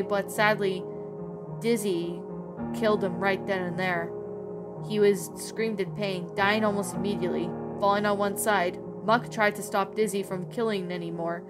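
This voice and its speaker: A woman reads a horror story aloud in an ordinary, mid-range voice. She delivers it earnestly, with the occasional stumble, while background music plays throughout. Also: medium pitch. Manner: earnest reading with frequent stumbles. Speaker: creepypasta narrator.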